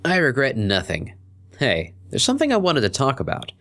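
A man's voice: mid-range voice, wildly swooping pitch, moderate pace, fairly bright tone, pitched above the performer's own voice. A man voicing a moody young female unicorn DJ, blunt and sarcastic, in a fan fiction reading.

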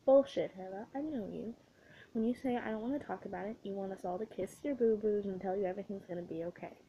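A woman's voice: medium pitch, fast, mellow, highs cut off, slight background noise, lightly acted. A woman voicing a blunt, foul-mouthed young woman roommate who mocks her friend. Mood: mocking.

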